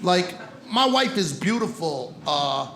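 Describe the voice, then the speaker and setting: Speaking slowly in a high, sing-song voice with vocal fry and a fairly bright tone, a man performs stand-up comedy. He needles the crowd and talks directly to the audience on a comedy club stage in front of a live audience. A little hiss or hum sits under the roomy live sound and audience laughter.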